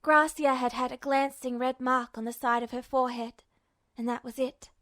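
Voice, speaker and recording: A woman reading fan fiction aloud as a podfic narrator, in a measured, steady way. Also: high voice, dry recording, clean studio sound. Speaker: podfic reader.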